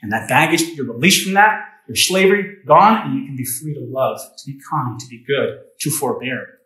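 A man's voice: mid-range voice, lively intonation, normal speed, pushed and bright, reverberant, poor audio. A man preaching a sermon as pastor, in a conversational way that asks the congregation questions. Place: church.

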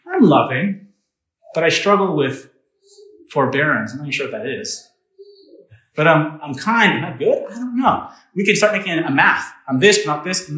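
A man's voice: a little high, fairly bright tone, roomy sound, poor audio. A man preaching a sermon as pastor, in a conversational way that asks the congregation questions. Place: church.

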